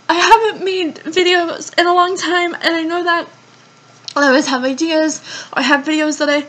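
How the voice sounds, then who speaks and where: A woman's voice: high-pitched, normal speed, a bit bright. A young woman talking to camera in her room, tearful and panicky, rambling, swearing and apologizing over and over. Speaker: vlogger. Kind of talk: emotional vlog confession. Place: bedroom at home.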